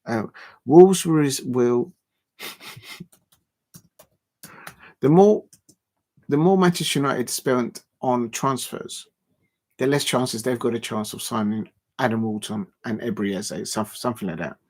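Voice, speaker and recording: A man hosting a football livestream in casual chat, rambling and halting with many fillers and frequent chuckles. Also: mid-range voice, a little mellow.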